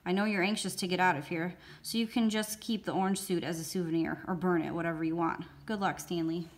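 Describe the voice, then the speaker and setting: A woman's voice: on the low side, fairly even intonation, quick pace, close to an everyday voice. A woman voicing a stern, authoritative male attorney general who speaks in a formal, commanding way.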